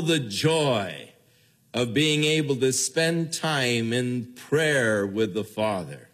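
An older male pastor delivering a sermon at an unhurried, deliberate pace. His voice is husky and a little rough. He speaks earnestly and lets the ideas land slowly. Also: medium pitch. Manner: slow, earnest preaching with lively acted-out quotes.

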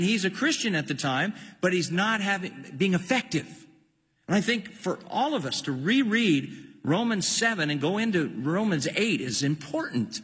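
Male preacher, husky voice with a lot of rasp, lively and rising pitch, sermon in an echoing hall with long reverb. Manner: impassioned, emphatic preaching with repeated words.

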